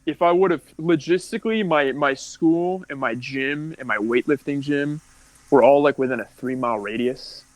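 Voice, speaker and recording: A man's voice: on the high side, moderate pace, no echo, rough recording. A young man from California telling his life story as a podcast guest, candid and rambling, full of likes and restarts. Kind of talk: casual storytelling.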